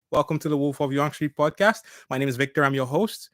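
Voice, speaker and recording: Man, podcast host, casual commentary, excitable, laughs a lot, stumbling restarts, medium pitch, dry close sound. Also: normal speed, few pauses, no echo. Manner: excitable, laughs often, stumbles and repeats words. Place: at home.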